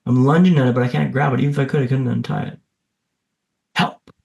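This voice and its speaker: A man's voice: medium pitch, fairly even intonation, racing, gravelly, darkish tone, echoey room. A man guest on a podcast, telling a dramatic personal story in vivid, punchy lines with self-deprecating humour.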